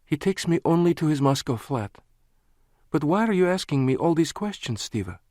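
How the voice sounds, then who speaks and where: A male audiobook narrator voicing a passionate, sarcastic young Russian woman, raising his voice high for her. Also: animated, normal speed, a little mellow, dry recording, clean studio sound, natural voice. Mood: indignant.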